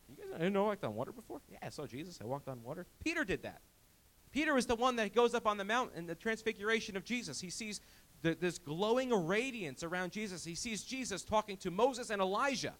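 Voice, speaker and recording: A pastor preaching a sermon, emphatic and animated, often restarting his words as he retells a Bible story. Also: high-pitched.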